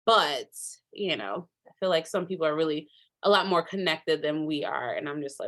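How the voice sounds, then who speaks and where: This Minnesotan woman's voice sits low and a bit bright, moving at a moderate pace. She gives a chatty, enthusiastic workshop over video call, with plenty of fillers and asides in a casual manner.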